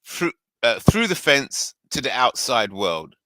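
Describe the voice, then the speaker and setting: Guy hosting a chat panel, higher bright voice that jumps all over, laughs a lot, dry sound. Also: unhurried, dry recording, rough recording. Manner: animated, laughs often, acts out voices in retelling. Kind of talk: casual panel discussion.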